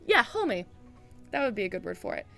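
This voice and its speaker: A woman's voice: medium pitch, very animated, fast, vocal fry, sharp tone, soft background music. A woman running a tabletop game, describing scenes to her players in a loose, casual way with many "um"s and "like"s. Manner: casual descriptive narration full of "um" and "like". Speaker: game master.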